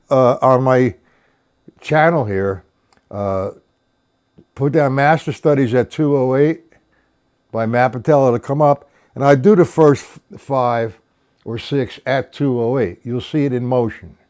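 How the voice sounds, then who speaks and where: A male drum teacher runs a live-streamed lesson at an unhurried pace. His pitch moves up and down a lot as he explains strokes and counts beats aloud slowly and patiently. He encourages his viewers by name. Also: lively intonation, darkish tone.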